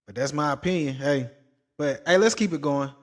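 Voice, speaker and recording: A man with a fairly high voice delivers blunt, opinionated commentary as a podcast host. He lectures in a preachy way and swings up into exasperated outbursts. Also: moderate pace. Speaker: podcast host reacting to clips.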